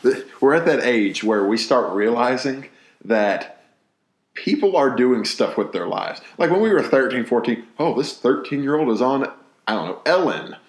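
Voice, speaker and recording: A man's voice: mid-range voice, big pitch swings, moderate pace. A man in his twenties co-hosting a casual podcast, bantering playfully and laughing often. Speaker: podcast co-host. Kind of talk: casual joking chat. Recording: echoey room.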